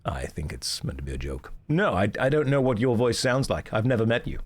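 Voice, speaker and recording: Low-voiced man streaming a game. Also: big pitch swings, brisk. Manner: playful, self-mocking, explains game mechanics. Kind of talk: casual game stream chat.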